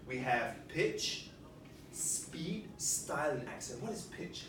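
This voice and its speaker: A facilitator teaching a puppetry workshop to a group, animated and coaxing, often asking the room questions. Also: mid-range voice, slow pace, background noise. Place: large room with a group of participants. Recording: echoey room, picked up from a distance.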